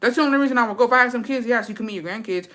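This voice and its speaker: Brassy woman vlogger, bright edgy voice, swears freely, playful attitude toward her besties. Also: fairly high pitch, racing. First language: English. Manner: brash, profane, sassy, talks to viewers as besties. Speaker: vlogger reacting to a story. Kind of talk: casual storytime chat.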